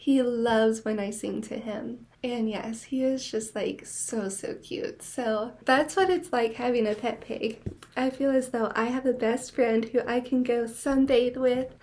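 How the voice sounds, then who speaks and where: A young woman chats on her own podcast in a loose, gushing way, with "like" in nearly every line. Her voice sits a little higher than most women's. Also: a little slow, a little mellow. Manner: chatty, many "like" fillers, gushing. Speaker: podcast host. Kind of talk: casual monologue.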